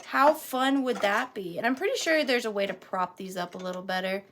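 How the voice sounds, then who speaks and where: A woman's voice: mid-range voice, a little fast, a bit bright, slight background noise. A woman running a live vintage auction, chatting playfully and counting down bids. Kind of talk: casual live sale chat.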